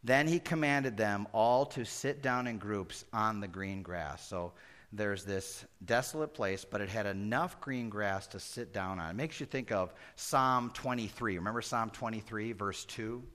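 A man preaching a verse-by-verse sermon as pastor, animated and conversational, swinging between loud emphasis and hushed asides. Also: lowish voice, unhurried. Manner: acts out Bible characters conversationally. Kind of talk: expository sermon.

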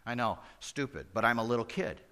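A middle-aged male pastor preaching a sermon, moving between loud exclamations and hushed asides. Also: medium pitch, animated, fairly quick, clean tone.

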